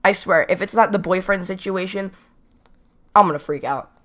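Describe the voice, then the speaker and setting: A teenage storytime vlogger with a voice that sits high casually recounts a story from school at a moderate pace, rambling and repeating "not even kidding."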